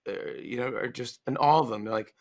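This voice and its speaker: A man in his forties, a guest author in a casual interview, talking in a playful, animated way and acting out lines. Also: mid-range voice, fairly quick.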